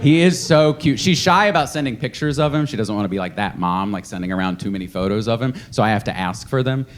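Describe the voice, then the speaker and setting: A man's voice: fast, some chatter behind. A man performing a stand-up comedy set on a club stage, telling stories and slipping into mocking voices. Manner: lively storytelling, jumps into high mocking voices for others. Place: comedy club stage before a laughing audience. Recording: live club recording with audience noise.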